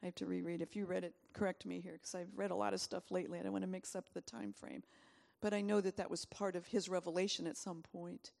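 A woman preaching a sermon, telling a story with lively asides and laughter. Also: on the low side, fast, creaky. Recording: long hall reverb.

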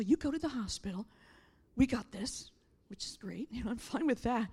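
A middle-aged woman preaching a sermon, impassioned and emphatic, rising to shouts and then dropping quiet and tearful. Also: fairly high pitch, slightly rough. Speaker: pastor.

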